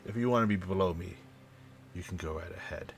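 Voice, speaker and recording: A man's voice: deep voice, fairly quick, a crowd in the background. A man voicing a greasy, smug middle-aged dock official who talks down to people. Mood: officious. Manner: officious, dismissive.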